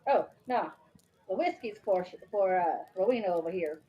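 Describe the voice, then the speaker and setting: A woman's voice: medium pitch, animated, moderate pace. Playful woman player, lo-fi mic. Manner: playful, laughing. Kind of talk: playing a tabletop game.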